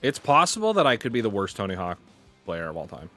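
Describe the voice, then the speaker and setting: A man's voice: on the low side, huge pitch swings, fast talker, sharp tone, soft background music. A male streamer giving frustrated live gameplay commentary, muttering, swearing and running himself down. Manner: exasperated, self-deprecating, swearing, muttering to himself. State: sweating in the heat. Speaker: gaming streamer.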